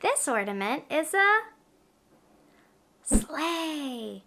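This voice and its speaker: A woman in her thirties hosting a children's educational video, with an animated, slow and clear sing-song delivery for toddlers. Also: high-pitched. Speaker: preschool teacher host.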